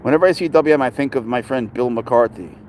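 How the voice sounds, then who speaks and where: A man's voice: mid-range voice, fast, darkish tone, slight background noise. A middle-aged man, rambling in casual chat while talking with people and viewers outdoors. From New York. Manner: rambling, chatty, talks to passers-by and chat. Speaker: pet owner vlogger. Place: outdoors at a city dog park.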